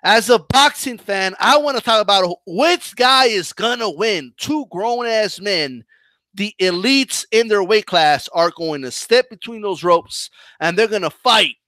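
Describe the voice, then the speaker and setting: A man's voice: sits high, unhurried, no room sound. A man hosting a boxing live stream, ranting and mocking while reading chat. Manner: animated, mocking, combative rant with restarts. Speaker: boxing commentary channel host.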